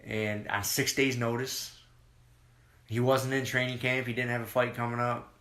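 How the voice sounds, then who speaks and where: A man chatting on a podcast in a casual, profane, excited ramble. His voice is bright and forceful, and the room has a noticeable echo. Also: mid-range voice, moderate pace. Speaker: podcast co-host. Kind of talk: casual chat.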